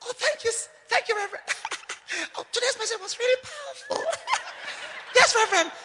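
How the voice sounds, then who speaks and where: A man's voice: very high-pitched, brisk, pushed and bright, pitched above the performer's own voice. A man putting on the voice of an eager, over-polite young woman answering her pastor on the phone. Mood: gushing.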